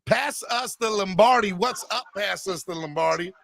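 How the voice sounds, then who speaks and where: A man hosting a live sports podcast, loud and exuberant, shouting and cheering. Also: high voice, normal speed, vocal fry, dry recording, studio quality. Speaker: podcast host.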